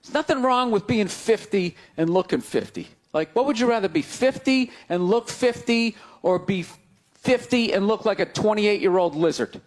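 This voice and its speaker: A middle-aged man doing a stand-up comedy set, ranting in an exasperated way and breaking into sudden shouts, at a comedy club. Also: sits high, animated, normal speed. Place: comedy club stage before a laughing crowd. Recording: live club recording, loud crowd laughter, noisy.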